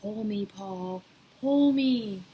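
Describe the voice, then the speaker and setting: A woman's voice: mid-range voice, extremely slow, dark tone, a little hiss or hum. Woman voicing a sly wheedling talking pigtail. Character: whiny wheedling talking pigtail, coaxing boy.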